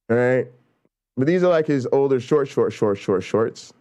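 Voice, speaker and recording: Excitable man hyping with wild pitch swings. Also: moderate pace. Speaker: show co-host. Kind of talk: casual profane riffing.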